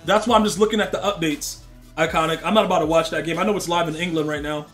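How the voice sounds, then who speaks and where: His voice is a little high and a bit bright, with fairly even intonation and a quick pace, over faint background music. The young man streams a game live, rambling in slang as he chats with viewers and mocks opponents.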